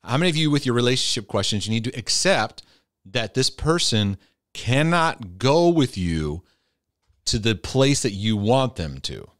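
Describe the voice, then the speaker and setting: Hosting a casual advice talk rooted in faith, a man responds to viewer questions in an emphatic, conversational way, growing loud and then softening. His medium-pitched voice has big pitch swings at a moderate pace, captured in clean, echo-free studio sound.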